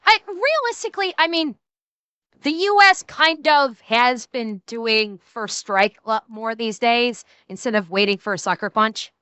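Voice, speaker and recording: A woman's voice: on the high side, lively intonation, unhurried, pushed and bright, clear, resonant tone, no room sound. A woman streamer giving casual, rambling and profane commentary while reacting to a show. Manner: rambling, profane, blunt opinions.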